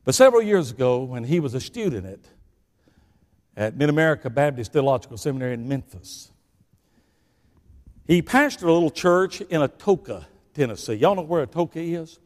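Briskly and with animation, an older Southern-accented preacher delivers a sermon in a somewhat high voice, trailed by long reverb. His folksy tales lurch from shouting to hushed asides.

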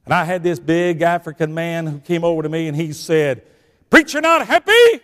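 An older man with a Southern US accent preaching a sermon, telling folksy stories that swing between shouting and hushed asides. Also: on the high side, little pitch movement, a little fast, in a large hall.

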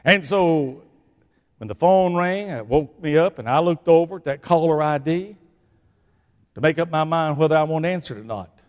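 An older man with a Southern US accent preaching a sermon, telling folksy stories that swing between shouting and hushed asides. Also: fairly high pitch, lively intonation, moderate pace, big-room sound.

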